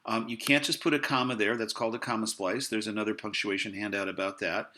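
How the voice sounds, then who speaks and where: A man teaching a college writing lesson in a relaxed, explanatory way, with fillers and small asides. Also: on the low side, quick pace. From United States. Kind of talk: recorded lecture.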